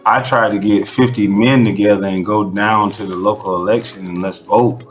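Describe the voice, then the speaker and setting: A man's voice: on the low side, steady tone, normal speed, faint music behind. A man being interviewed who talks in a blunt, emphatic way and swears freely. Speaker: interview guest. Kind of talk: casual conversational interview.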